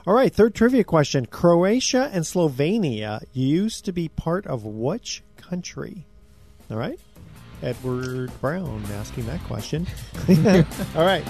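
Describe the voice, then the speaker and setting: A man's voice: fairly high pitch, very animated, a little slow, darkish tone, soft background music. A man hosting an investing radio talk show, upbeat and steering the conversation.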